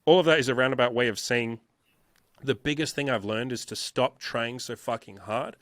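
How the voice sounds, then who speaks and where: A man's voice: medium pitch, normal speed, no echo, clean studio sound. A man talking casually in an interview as a dating coach, emphatic and repetitive, swearing often.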